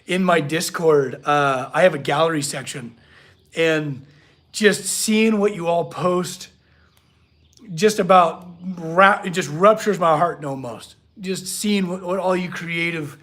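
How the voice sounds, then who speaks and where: Earnest guy with a high-pitched voice talking to his live chat from a workshop, gets all choked up. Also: fairly bright tone. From California. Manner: earnest, emotional, gushing, reads chat aloud. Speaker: livestream host, blacksmith artist. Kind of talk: casual livestream chat.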